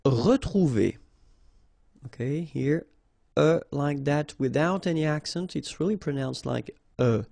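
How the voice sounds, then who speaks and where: A man's voice: fairly high pitch, measured pace, creaky, dark tone, no echo, clean studio sound. A man with a French accent teaching French vocabulary, patiently spelling out sounds and repeating each word.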